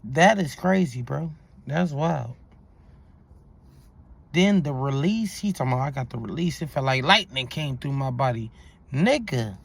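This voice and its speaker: A man's voice: mid-range voice, lively intonation, measured pace, vocal fry, pauses often, slightly rough. A man hosting a reaction video, talking in incredulous, profane street slang. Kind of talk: reaction commentary.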